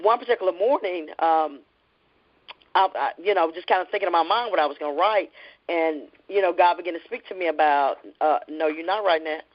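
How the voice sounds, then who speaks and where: A woman author reading her novel aloud in an earnest, steady voice and then chatting in an interview. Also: on the low side, fairly quick. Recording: lo-fi podcast audio.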